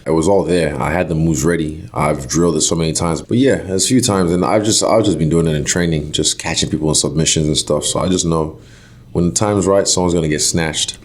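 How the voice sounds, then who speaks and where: Very deep-voiced man chatting casually. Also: a little fast. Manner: relaxed, thinks aloud, self-correcting. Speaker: UFC fighter, interview guest. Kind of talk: casual interview chat. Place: quiet room on location.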